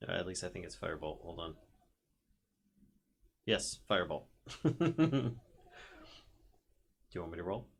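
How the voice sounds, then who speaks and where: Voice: low-pitched, big pitch swings, a little slow, vocal fry, long pauses, slightly rough. A player in a tabletop game who describes their character's actions and laughs a lot.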